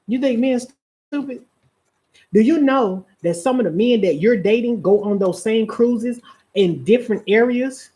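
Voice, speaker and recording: A woman's voice: fairly high pitch, measured pace, warm tone. Preachy woman giving relationship advice. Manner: preachy, drawls key phrases, asks rhetorical questions. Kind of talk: live-streamed talk.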